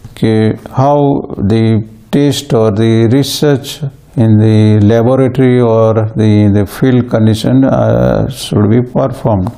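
Slow, halting male lecturer. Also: fairly low pitch, steady tone, creaky, dark tone, clean tone. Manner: slow and halting, with frequent fillers and restarts. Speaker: plant pathology lecturer. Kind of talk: recorded university lecture.

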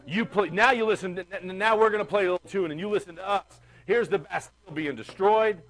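Animated male teacher lecturing a class. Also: sits high, fast talker, low-quality recording. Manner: animated, chatty, asks the class questions. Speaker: history teacher.

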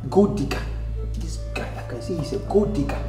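A man's voice: fairly high pitch, brisk, warm tone, echoey room, long reverb tail, faint music behind, natural voice, poor audio. An actor playing a strict, boastful middle-aged father who lectures his daughter with proverbs and scripture, in a Ghanaian English accent. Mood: stern.

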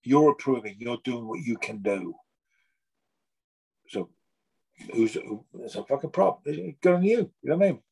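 A middle-aged man from England, chatting as a guest in a lively, animated way, swearing freely and acting out gym conversations. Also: medium pitch, normal speed, vocal fry, long pauses, slightly rough, low-quality recording. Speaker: guest artist. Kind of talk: casual chat.

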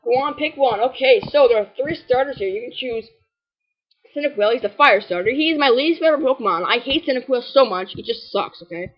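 High-pitched, brisk, and expressive, a woman provides laid-back let's-play commentary during a game walkthrough. She rambles with sarcasm and a steady stream of "like" and "anyways," all in lo-fi sound.

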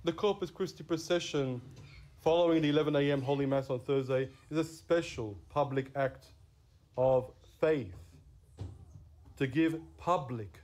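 A Catholic priest giving a sermon in an earnest way, stressing key words. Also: male voice, fairly high pitch, moderate pace, a little mellow.

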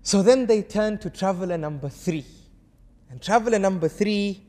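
A man preaching to an audience, telling a story and acting out its dialogue with animated shifts of voice. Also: high voice, normal speed, in a large hall. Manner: urges the audience to answer. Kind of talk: storytelling sermon.

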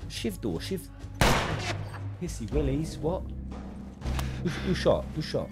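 A man commentating his own gameplay, swinging from quiet mumbling to sudden yells. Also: on the high side, takes it slowly, pauses often, over loud music. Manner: excitable, swings from mumbling to yelling. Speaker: gaming streamer.

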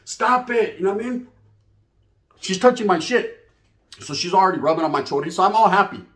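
A man's voice: high voice, lively intonation, fast, a bit bright, echoey room. A middle-aged man from California with a Chicano English accent, telling a profane comedic story in street slang and speaking straight to his listeners. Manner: streetwise slang, acts out other voices, addresses listeners directly. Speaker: storyteller host.

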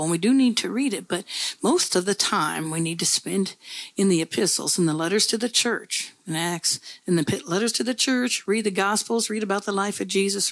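A woman's voice: medium pitch, no echo. A woman pastor preaching a sermon in a conversational, folksy storytelling way, with repeated phrases.

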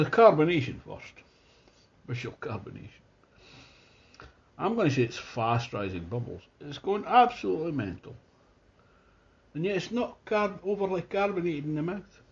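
A man's voice: on the high side, darkish tone, lo-fi sound. A man with a Scottish accent giving a casual, enthusiastic beer tasting review, thinking aloud as he goes. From Scotland.

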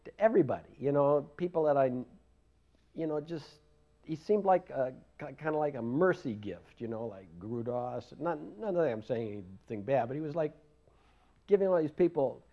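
A man's voice: a little high, expressive, normal speed, warm tone. An older man casually recalling his past in an interview, rambling and self-deprecating, laughing often. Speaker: devotee recalling memories.

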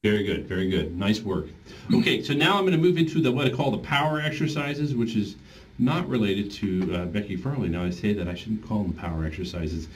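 A voice therapy teacher with a lowish voice and lively intonation speaks fairly quickly to his group. He coaches them through each step and sings vowel exercises to demonstrate, captured on a distant microphone with slight background noise.

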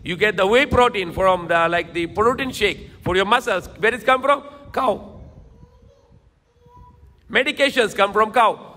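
A man's voice: high voice, measured pace, pauses often, pushed and bright, long reverb tail. A man preaching a sermon lecture in emphatic, repetitive phrases, now and then switching into Tagalog. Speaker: Islamic preacher.

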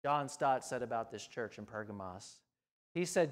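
A male pastor delivering a sermon, swinging between loud emphasis and hushed lines. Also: mid-range voice, animated, moderate pace. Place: church sanctuary.

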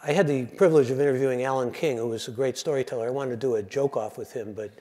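This man has a mellow, rounded voice pitched in the ordinary middle range. He lectures to an audience as a seasoned storyteller, and he sets up jokes in a loose, digressive, chatty way. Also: quick pace. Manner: conversational, digressive, relaxed joke-telling. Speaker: public radio host giving a lecture.

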